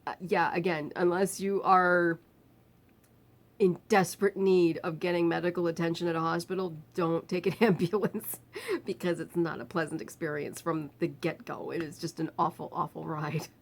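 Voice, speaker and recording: A woman's voice: on the low side, flat delivery, normal speed. A woman vlogger recounting a personal ordeal in casual chat, laughing often and filling with ums and restarts. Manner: chatty, laughs often, many fillers and restarts. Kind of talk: casual storytelling to camera.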